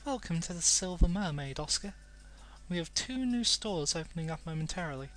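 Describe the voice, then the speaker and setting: A British man playing a courteous mermaid innkeeper in a game, welcoming and polite. The voice is bright and a touch raised. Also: a little high, lively intonation, fairly quick.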